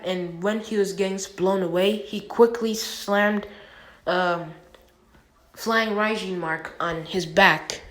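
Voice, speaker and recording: A woman casually retelling a fan-made story, rambling with many restarts. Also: medium pitch.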